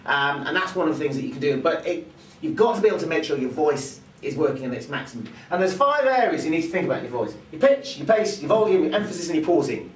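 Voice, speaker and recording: A man's voice: fairly high pitch, sing-song, quick pace. A man teaching presentation skills who acts out vocal examples as he explains them. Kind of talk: teaching with spoken demonstrations. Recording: roomy sound from a distance, faint ambience.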